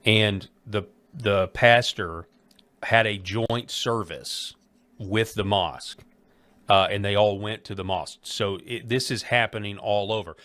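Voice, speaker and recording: Halting, low-voiced male interviewer. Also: a bit bright, no echo. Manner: halting, repeats words, many fillers. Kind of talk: conversational interview.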